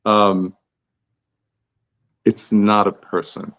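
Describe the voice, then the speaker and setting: A man's voice: lowish voice, little pitch movement, very slow, a bit bright, no echo, highs cut off. A man being interviewed as an author, talking in a chatty, tangential, self-deprecating way. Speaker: author guest. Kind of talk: podcast interview answers.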